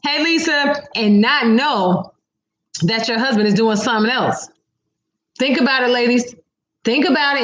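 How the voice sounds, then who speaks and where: A woman's voice: a little high, normal speed, long pauses, a bit bright, echoey room, lo-fi sound. A woman hosting a casual livestream, reading viewer comments aloud and talking back to her audience with a sassy, laughing manner.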